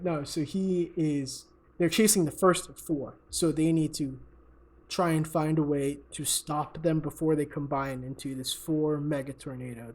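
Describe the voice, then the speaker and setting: A man's voice: fairly high pitch, darkish tone. A young man co-hosting a podcast, retelling a story in a rambling, profane and giggly way. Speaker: podcast co-host. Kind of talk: casual chat.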